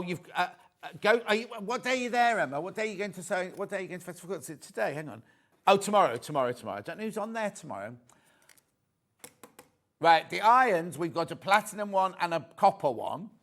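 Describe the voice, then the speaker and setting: A British man hosting live TV sales, talking in a chatty, rambling way that keeps doubling back on itself. His voice sits a little high for a man. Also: fairly bright tone. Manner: chatty, repeats words, reads out viewer messages. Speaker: shopping channel presenter.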